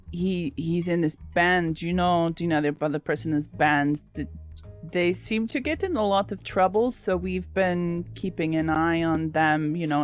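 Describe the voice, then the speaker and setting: A clumsy male police inspector with a put-on French accent fumbles through an interrogation, played by a woman. He talks in a fairly low voice, stalls and circles back often. It is tabletop role-play. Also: lightly acted. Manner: halting, meandering interrogation with many pauses.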